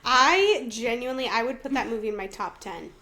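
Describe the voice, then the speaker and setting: An enthusiastic young woman in her twenties co-hosts a casual podcast chat. Her voice is fairly high, and she talks earnestly and jumps in readily. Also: animated, pushed and bright. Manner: earnest, enthusiastic, quick to interject. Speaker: podcast co-host.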